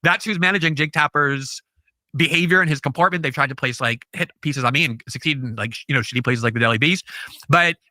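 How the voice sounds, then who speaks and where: A man speaks as a guest on a casual podcast and piles on sarcastic asides as his stories tumble out. He talks at a rapid clip with a bright, forceful tone. The sound is close and dry. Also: a little high, no room sound. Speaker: guest commentator.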